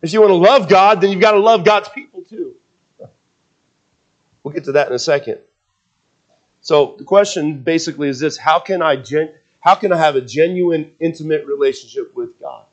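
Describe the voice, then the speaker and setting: Male preacher, higher pitch, emphatic sermon delivery with frequent restarts. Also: moderate pace. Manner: emphatic, repeats himself, frequent restarts and fillers.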